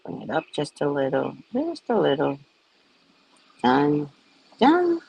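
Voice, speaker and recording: A woman hosting a casual live stream, chatting with viewers by name in a lively, talkative way. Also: low-pitched, takes it slowly, gravelly, slight background noise. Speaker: psychic live-stream host.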